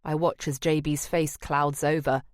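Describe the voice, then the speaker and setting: A woman's voice: sits low, little pitch movement, a little slow, no echo. A woman narrating a first-person audiobook in a wry, dry manner. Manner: wry and dry, present-tense telling.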